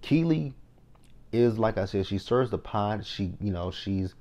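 A man with a low, mellow voice talks through a reality show episode in casual review commentary. He is blunt and openly exasperated, swearing freely as he recaps the scenes and adds his own asides. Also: steady tone, moderate pace.

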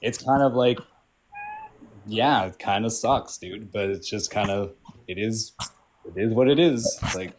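A man's voice: lowish voice, measured pace, pauses often, crowd noise, poor audio. A man calling in to a casual debate, patiently explaining and often checking "right?".

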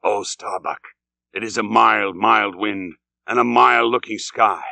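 A man's voice: on the low side, steady tone, unhurried, gravelly, sharp tone, dry recording, exaggerated voice. A man voicing a grim, obsessed old captain. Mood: brooding. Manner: grim, weighty, swings from bellowed orders to weary murmurs. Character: obsessed old whaling captain, brooding, commanding.

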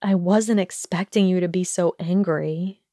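An anxious, earnest young witch who speaks softly and carefully, as a woman reads her lines. Her delivery is slow and measured. The audiobook recording is close and dry. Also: fairly low pitch, steady tone, dry recording. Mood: hesitant. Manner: soft, hesitant, careful.

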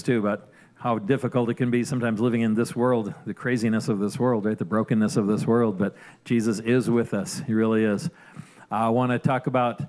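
Male pastor, sermon, chatty and relaxed delivery, mid-pitched voice, lots of restarts. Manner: conversational, frequent "right?" asides and restarts.

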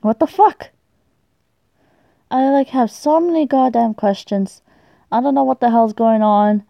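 A young woman commentating on her game play, excitable and swearing a lot, shrieking when startled. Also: fairly high pitch, moderate pace, vocal fry, no echo, muffled recording. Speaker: gaming YouTuber.

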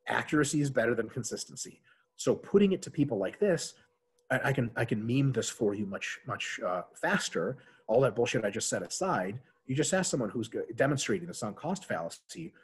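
Husky, animated man swearing freely. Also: mid-range voice, fairly quick. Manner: animated, profane, jokey. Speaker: podcast guest, doctor. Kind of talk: casual podcast chat.

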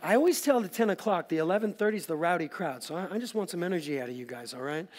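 Energetic high-voiced man preaching. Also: racing. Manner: energetic, joking asides to the congregation. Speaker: pastor. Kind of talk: sermon. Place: large church auditorium. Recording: long hall reverb.

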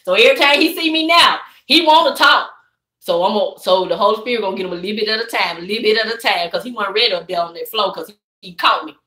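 A woman vlogger hosts a casual live stream, talking fast in a mid-range voice that sounds pushed and bright. She's easygoing yet preachy, calling her viewers "baby" and "y'all." The room is echoey.

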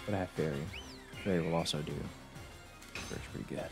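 A man with a very low voice talks through a game stream in a casual, cussing, excitable way, tripping over his words as he reacts. Faint game music plays underneath him. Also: a little fast. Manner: profane, excitable reactions with frequent restarts. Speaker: streamer playing a video game. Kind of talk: casual let's-play commentary.

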